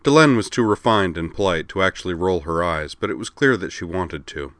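A man reading a story aloud with steady, expressive narration. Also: low voice, fairly quick, no room sound.

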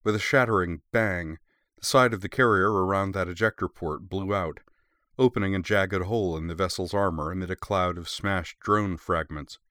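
Deep-voiced man narrating a story. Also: moderate pace, fairly bright tone, no room sound, studio quality. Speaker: audiobook narrator. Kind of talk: scripted narration.

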